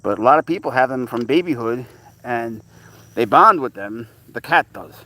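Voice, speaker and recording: A man's voice: mid-range voice, animated, normal speed, bright, forceful tone. A man casually chatting while out with his pet cat, rambling about life and switching into cooing baby talk for the animal. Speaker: cat owner vlogger. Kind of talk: casual outdoor vlog chat. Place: outdoors by a lake.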